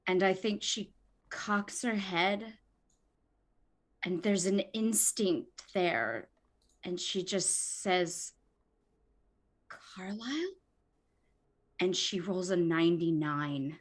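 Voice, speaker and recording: A woman playing a character in a tabletop horror game, describing her actions and shouting in character at times. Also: lowish voice, steady tone, slow pace. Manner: speaks in character, describing actions with bold bursts. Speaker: player.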